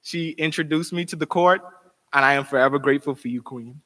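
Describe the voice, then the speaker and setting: A young adult man with a high-leaning, sharp-toned voice speaks briskly as he gives a formal, heartfelt farewell address as an outgoing university title holder. The recording carries the long reverb of a hall.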